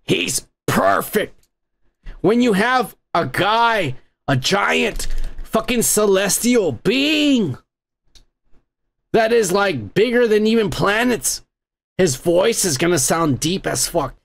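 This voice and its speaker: A man's voice: high-pitched, very animated, slow pace, vocal fry, a bit bright. A young American man hosting a podcast in a rambling, profane comedic rant. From United States. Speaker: podcast host.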